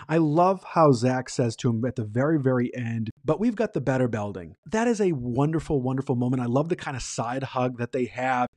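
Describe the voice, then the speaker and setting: A man's voice: mid-range voice, a little mellow, dry recording, studio quality. A man in his forties hosting a podcast, recapping a TV episode with enthusiasm and acting out quoted lines. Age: 40s. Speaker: podcast host.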